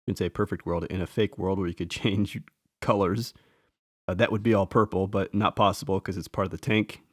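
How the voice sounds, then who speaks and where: A man casually talking through a toy figure as a reviewer, relaxed and enthusiastic, thinking aloud as he points out details. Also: sits low, brisk, no room sound, clean studio sound. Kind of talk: casual show-and-tell commentary.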